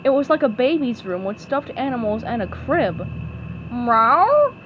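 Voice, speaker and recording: A woman reading a children's storybook aloud, her voice high and lively. Her pitch rises and falls expressively, with a faint hiss underneath. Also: normal speed, highs cut off. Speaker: storybook reader. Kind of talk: storybook read-aloud narration.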